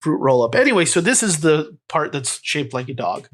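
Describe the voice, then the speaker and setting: A man's voice: on the high side, sing-song, moderate pace, a bit bright. A man hosting a comedy podcast, rambling playfully with lots of fillers. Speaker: podcast host.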